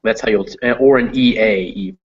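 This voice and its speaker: A man's voice: on the low side, a little fast, muffled recording. A man tutoring a student in reading English, explaining patiently with many fillers. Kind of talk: one-on-one reading lesson.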